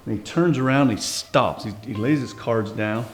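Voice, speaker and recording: A man telling a story about his grandfather in a relaxed, conversational way, with small restarts. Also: mid-range voice, normal speed, faint music behind. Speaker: grandson sharing a family memory. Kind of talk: interview storytelling.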